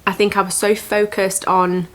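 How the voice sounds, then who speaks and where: A woman's voice: medium pitch, level tone. Earnest woman telling her story. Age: 20s. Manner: earnest, reflective, halting with restarts; emotional, motivational. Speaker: vlogger. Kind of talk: personal storytime to camera.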